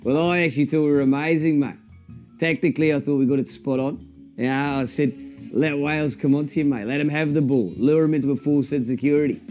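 A comedian doing a cocky rugby coach. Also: male voice, on the high side, fairly even intonation, quick pace, a little mellow, faint music behind, lightly acted. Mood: defiant. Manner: defensive and cocky, tacks "mate" onto everything. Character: brash, touchy older male rugby coach. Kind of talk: comedy impression sketch.

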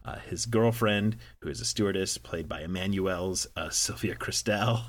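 A man co-hosting a podcast, recapping a movie in casual chat with deadpan, wry asides. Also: sits low, moderate pace, crowd noise. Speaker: podcast co-host.

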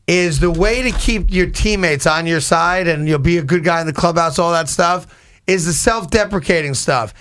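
A man's voice: high voice, expressive, a bit bright. A man hosting sports talk radio, arguing and cutting in on his co-host and callers. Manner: argumentative, quick to cut in.

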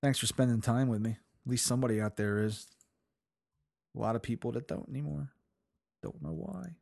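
A man's voice: mid-range voice, fairly even intonation, brisk, creaky, darkish tone. A man hosting his own podcast alone, telling rambling, profane, self-mocking stories with bursts of laughter. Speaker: podcast host. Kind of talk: casual solo storytelling.

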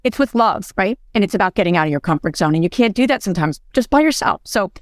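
A woman's voice: medium pitch, lively intonation, fast talker, dry recording, studio quality. A woman in her forties hosting a podcast, telling stories in a chatty way, often asking "right?" and laughing. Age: 40s. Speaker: podcast host. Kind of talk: casual podcast chat.

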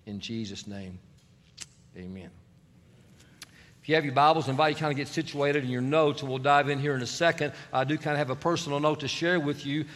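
A male pastor preaching a sermon in a relaxed, conversational way, leading the congregation in prayer. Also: a little high, very fast, few pauses, big-room sound, slight background noise. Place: large church sanctuary.

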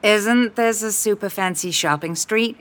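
A woman's voice: medium pitch, expressive, moderate pace, a bit bright, close to an everyday voice. Woman voicing a chatty, stubborn young woman. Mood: curious.

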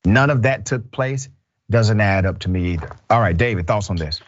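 A man's voice: fairly low pitch, lively intonation, normal speed, muffled recording. A man hosting a news commentary show, reading stories and giving emphatic opinions with rhetorical questions.

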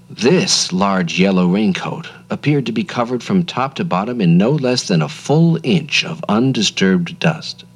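A man narrating a radio story in a measured, expressive manner. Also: on the low side. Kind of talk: scripted narration.

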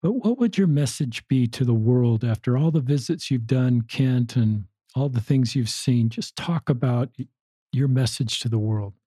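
A man's voice: medium pitch, normal speed, warm tone, breathy edge, no echo. A man interviewing a guest, enthusiastic and complimentary, with frequent fillers. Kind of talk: casual interview chat.

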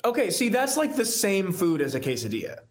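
A man's voice: sits high, wildly swooping pitch, a little fast. A young man, a guest musician, chatting casually on a podcast in a rambling, self-reflective way and laughing easily. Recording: echoey room.

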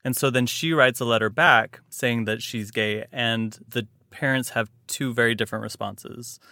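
A man hosting a podcast in casual chat, playful and quick to laugh. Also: mid-range voice, steady tone, sharp tone, dry recording, studio quality. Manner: playful, laughs often, acts out quotes. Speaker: podcast host.

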